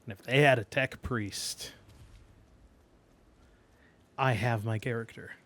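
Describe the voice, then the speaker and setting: A male streamer in casual gameplay commentary, talking at a slow, unhurried pace. His voice sits at an ordinary middle pitch, rambling through thoughts with fillers and small laughs between them. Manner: relaxed, rambling, trails off with fillers and soft laughs.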